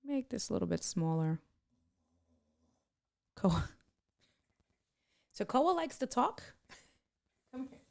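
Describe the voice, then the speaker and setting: A woman live streamer giving a casual tutorial on streaming software, chatting as she clicks and greeting viewers by name. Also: a little high, very animated, slow pace, vocal fry, long pauses, no room sound, clean studio sound.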